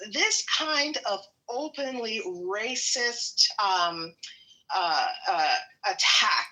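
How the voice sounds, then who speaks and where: Lively, earnest woman panelist. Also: a little high, low-quality recording. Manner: earnest, questioning. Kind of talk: panel discussion.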